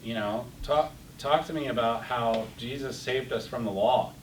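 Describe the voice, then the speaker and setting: Here a middle-aged man with a mid-range voice teaches an interactive Bible class at a moderate pace. Passion builds until he's worked up and repeating words, captured in a distant, roomy recording with faint hiss.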